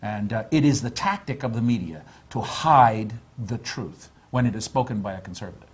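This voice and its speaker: Husky man talking with fillers. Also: fairly low pitch, animated, moderate pace. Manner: passionate, with frequent fillers. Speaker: guest. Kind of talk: casual panel chat.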